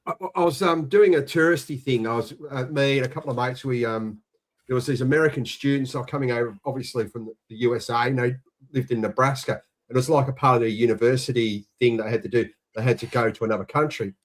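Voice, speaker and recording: Australian man, 60s, mid-pitched, jokey storyteller, casual chat. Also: fast. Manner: yarn-spinning, jokey, animated when quoting others. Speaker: co-host.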